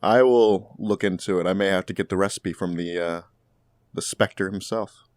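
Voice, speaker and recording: Man as a friendly tavern keeper, easygoing and earnest, lowish dry voice. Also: fairly even intonation, moderate pace, no room sound, lightly acted. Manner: easygoing, earnest, hesitant fillers. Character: friendly young male tavern owner.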